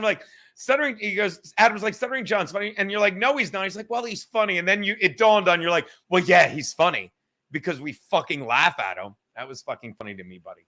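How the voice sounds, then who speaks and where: A man's voice: sits high, sharp tone. A man hosting a live-stream podcast, reading the chat aloud and ranting in a combative, profane, mocking way from a studio. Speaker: podcast host.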